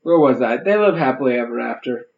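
A man's voice: mid-range voice, animated, fast talker, vocal fry, lo-fi sound. Rambling, joking male podcast co-host. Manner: rambling, many "like" and "uh" asides, joking. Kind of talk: casual comedic chat.

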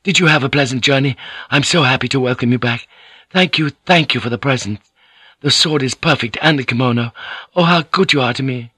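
A man's voice: medium pitch, moderate pace, pushed and bright, no room sound, clean studio sound, pitched above the performer's own voice. A man voicing an eager eighteen-year-old student in an audiobook, breathless and gushing.

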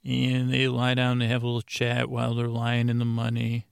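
Man, podcast host, casual episode recap, gravelly, flat delivery, dry sound. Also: medium pitch, normal speed, no echo. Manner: rambling, with many restarts.

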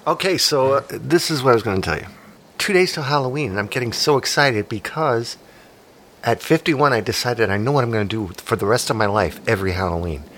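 An excitable man in his fifties hosting a comedy podcast, rambling from one joke to the next. His pitch jumps around a lot. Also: brisk, a little hiss or hum. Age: 50s. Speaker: podcast host.

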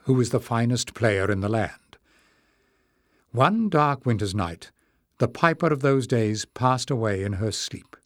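A man reading a fantasy audiobook as narrator, in a measured storytelling delivery. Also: mid-range voice, dry recording, clean studio sound.

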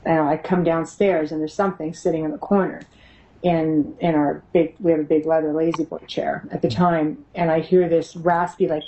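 Heard in lo-fi sound, a middle-aged woman answers interview questions about paranormal investigating in a warm, low voice at normal speed with a flat delivery. Still, her casual stories come across animated, punctuated by frequent laughter and acted-out voices.

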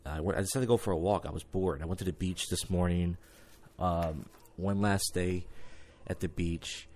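A deep-voiced man wraps up his trip in a casual vlog, talking loosely and stopping often to restart his thoughts. He sounds relaxed and unscripted. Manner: loose, halting, filler-heavy. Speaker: vlogger. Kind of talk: casual travel recap.

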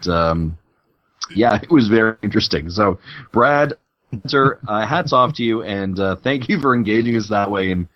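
A man from Canada co-hosting a podcast, telling stories in a lively, laughing way. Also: fairly low pitch, moderate pace, no echo. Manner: animated, laughing storyteller. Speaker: podcast co-host. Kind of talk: casual chat. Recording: dull lo-fi sound.

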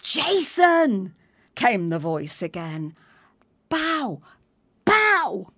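A woman's voice: low voice, unhurried, no room sound, clean studio sound. A woman voicing an exasperated schoolteacher who calls out sharply and insistently from offstage in a dramatized story reading. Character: exasperated female schoolteacher calling from the wings.

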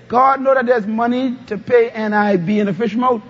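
A man's voice: very high voice, fairly even intonation, normal speed. A male pastor preaching a sermon, calling on the congregation to answer back. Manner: call-and-response preaching, asks the congregation to answer. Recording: dull lo-fi sound.

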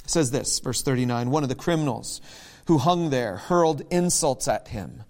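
A man preaching a sermon, conversational and emphatic, acting out quotes with sudden jumps in pitch. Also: animated, normal speed, a little mellow. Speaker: pastor.

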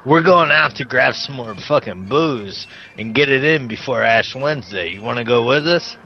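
A man prank calling, loud and aggressive, swearing crudely. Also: mid-range voice, lively intonation, normal speed, lo-fi sound, slight background noise. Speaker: prank caller.

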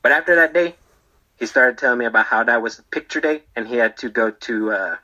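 A rambling, defensive barber behind bars, played by a man, who keeps checking in with "okay?" and "right?" as he tells his story. His voice is bright and sharp. The recording sounds dull and lo-fi. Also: medium pitch, a little fast. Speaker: storyteller being interviewed. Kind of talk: comedic character monologue.

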